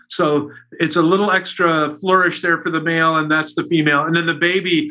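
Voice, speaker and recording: A keen male guest talks in a bright, forward voice, a bit higher than most men. He rambles happily from one story to the next in a relaxed interview. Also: brisk, few pauses. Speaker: guest, bird illustrator. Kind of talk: casual interview.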